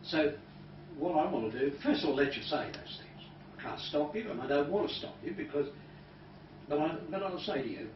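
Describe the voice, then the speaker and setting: A man who is a hypnotist, leading a live training demonstration and talking in a calm, soft-spoken way that sometimes drops to a hush. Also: fairly high pitch, brisk. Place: training room with an audience. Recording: roomy, distant, dull recording with noise.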